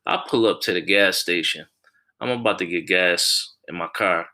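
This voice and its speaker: Deep-voiced blunt, profane podcast host. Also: male voice, normal speed, pushed and bright. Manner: blunt, profane, many restarts. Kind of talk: casual solo podcast monologue.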